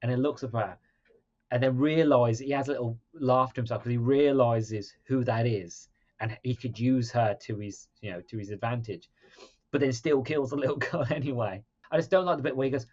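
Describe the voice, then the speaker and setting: A man co-hosting a podcast in casual chat, retelling scenes with lively acted-out quotes. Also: medium pitch, fairly quick, dull audio. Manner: animated, acts out scenes in quoted voices. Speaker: podcast co-host.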